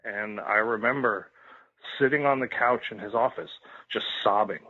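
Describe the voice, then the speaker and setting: A podcast guest with a voice on the low side speaks at a moderate pace about something raw and personal. Emotional and repetitive, he swears freely, and the sound comes through a tinny, phone-like line.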